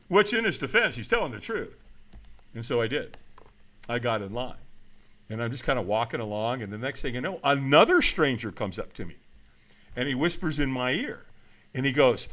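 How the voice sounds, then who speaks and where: A middle-aged man telling a story as a podcast guest, acting out the voices of the people in it and shouting for emphasis. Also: mid-range voice, sing-song, moderate pace. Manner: dramatic retelling, acts out quoted voices, shouts for emphasis. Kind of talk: animated storytelling.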